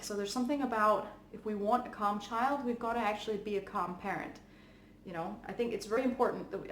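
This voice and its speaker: Woman, parenting coach, calm and earnest, chatty, echoey room, faint background noise. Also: medium pitch. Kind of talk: casual advice talk to camera.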